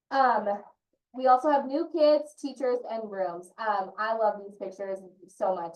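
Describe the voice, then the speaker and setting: A woman's voice: mid-range voice, darkish tone. Earnest woman on a roomy distant mic. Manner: earnest, personal, heartfelt. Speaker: early childhood consultant and parent. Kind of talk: presenting in an online training session.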